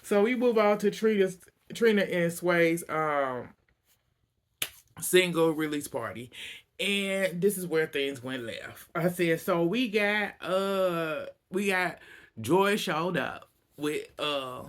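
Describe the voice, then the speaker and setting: Male recapper, bright and lively, loose gossipy storytelling. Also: high voice, takes it slowly. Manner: animated storytelling, acts out cast quotes, laughs often. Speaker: reality TV recapper. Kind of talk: casual recap.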